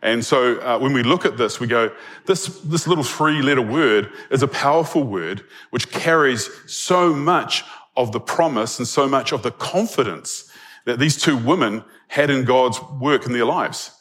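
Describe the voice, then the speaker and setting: Conversational New pastor preaching. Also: male voice, medium pitch, moderate pace, a bit bright. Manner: conversational, often checks in with "okay?". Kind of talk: sermon.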